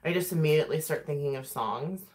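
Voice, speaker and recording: A woman's voice: sits low, fast, a little mellow. A woman vlogger chatting casually while doing her makeup, talking freely, laughing often and swearing. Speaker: beauty vlogger.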